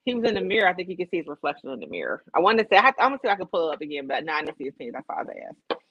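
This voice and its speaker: A woman's voice: fairly low pitch, sing-song, very fast, breathy edge, dry recording, lo-fi sound. A laid-back young woman, co-hosting a casual chat podcast and joking as she talks. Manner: laid-back, joking, quotes people in put-on voices. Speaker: podcast co-host.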